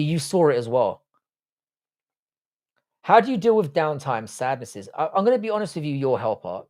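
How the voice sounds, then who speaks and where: Young British guy, mid-pitched, casual livestream host reading chat, blunt and sweary. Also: darkish tone. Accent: British English. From England. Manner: blunt, sweary, laid-back banter. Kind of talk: casual live chat reading viewer comments.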